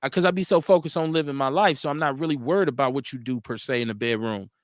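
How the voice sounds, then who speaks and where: This live-stream host talks fast in a medium-pitched voice, reading viewer messages aloud and replying frankly while laughing and repeating himself. The recording is dry, with clean studio sound.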